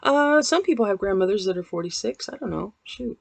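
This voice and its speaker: A woman's voice: medium pitch, animated, fairly quick, gravelly, no room sound. A woman in her forties vlogging from home into a laptop mic, chatting in a meandering, candid, self-deprecating way. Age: 40s. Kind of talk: casual vlog chat.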